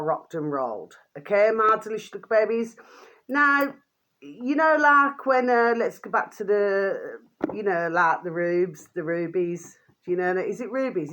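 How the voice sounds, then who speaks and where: A woman's voice: mid-range voice, a bit bright. An older woman vlogging in a rambling casual monologue, full of fond pet names, fillers and trailing restarts.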